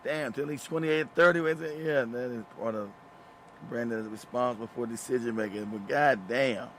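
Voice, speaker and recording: A man's voice: mid-range voice, moderate pace, a bit bright, a little hiss or hum. A middle-aged man hosting a talk show, telling a story casually, often laughing, swearing and repeating words. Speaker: show host.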